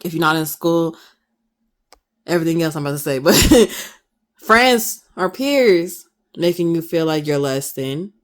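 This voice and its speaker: A woman's voice: low-pitched, expressive, measured pace, long pauses. A woman in her twenties ranting passionately to camera in her vlog, firing off emphatic rhetorical questions. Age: 20s. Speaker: vlogger.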